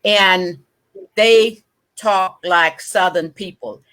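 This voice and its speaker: A woman telling stories of growing up in a casual panel chat, with halting restarts. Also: fairly low pitch, fairly bright tone. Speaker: cast member of a documentary.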